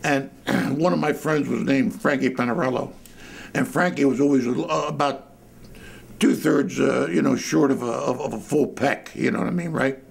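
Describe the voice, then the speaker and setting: A man's voice: mid-range voice, normal speed, creaky, husky. An older man telling a colorful story about his boyhood during an interview, speaking from inside a dim church. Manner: colorful, lively anecdote telling.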